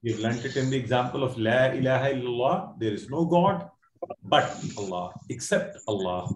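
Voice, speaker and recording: A man's voice: mid-range voice, animated, roomy sound, noisy background. A man teaching an online class, explaining words step by step, repeating himself and quizzing his students. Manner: explains slowly with many repeats and quiz questions. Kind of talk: online Quran word lesson. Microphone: video call.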